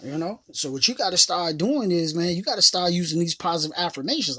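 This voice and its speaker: A woman's voice: lowish voice, animated, quick pace, sharp tone, breathy edge. A woman hosting a casual motivational talk, who speaks emphatically and repeats her phrases in a slangy, conversational way. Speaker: motivational podcast host.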